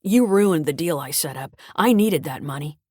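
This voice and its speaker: A sulky, sarcastic grown child with a grudge in a mystery audiobook, as a woman narrator voices the part. The tone runs low and dry, close to the mic. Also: lively intonation, normal speed, no echo. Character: sullen, bitter grown child. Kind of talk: audiobook character reading.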